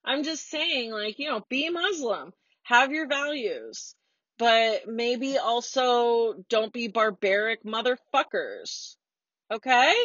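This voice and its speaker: A woman's voice: fairly high pitch, lively intonation, slow, fairly bright tone, dry recording, muffled recording. Blunt, profane American woman in her forties. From United States. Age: 40s. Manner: blunt, swearing, heated and sarcastic. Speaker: podcast host. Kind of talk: casual solo rant. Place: parked car.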